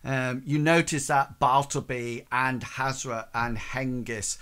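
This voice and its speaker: A man's voice: mid-range voice, steady tone, a bit bright, smooth. A man narrating a tabletop game as game master, hesitant and full of fillers. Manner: slow, halting, full of ums and sort-of-likes.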